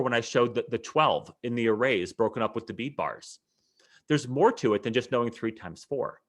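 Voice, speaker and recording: A man teaching a math webinar, explaining in a lively way with frequent fillers and restarts. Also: mid-range voice. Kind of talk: webinar lecture.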